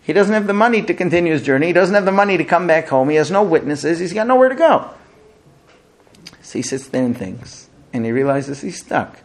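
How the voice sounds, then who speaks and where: A man teaching a religious class, telling a long story in an animated way. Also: on the high side, fairly quick.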